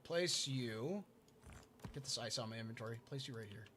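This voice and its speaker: With slight background noise, a man talks fairly quickly in a medium-pitched, slightly bright voice. He's on a casual livestream of a building game, muttering while placing blocks and answering his chat.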